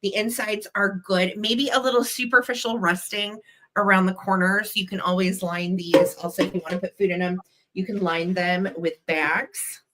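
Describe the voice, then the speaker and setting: Her medium-pitched voice is fairly bright, with fairly even intonation and a normal speed, as she pitches vintage goods on a livestream. She's effusive and talkative, showing items and addressing the chat directly, though the audio is poor.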